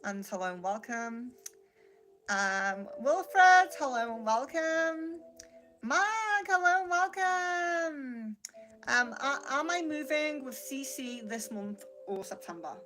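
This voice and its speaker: A woman's voice: fairly high pitch, lively intonation, slow pace, fairly bright tone, faint music behind, low-quality recording. A British woman hosting a live-stream card reading, greeting viewers by name and chatting casually with many fillers. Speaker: psychic livestream host.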